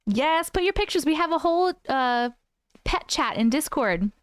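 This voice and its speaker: Woman host chatting on a home livestream, laughs a lot, kinda high voice, dry mic. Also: expressive, normal speed, dry recording. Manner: chatty, laughs often, coos at her cat. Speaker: host of a live stream. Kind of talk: casual live-stream chat with viewers.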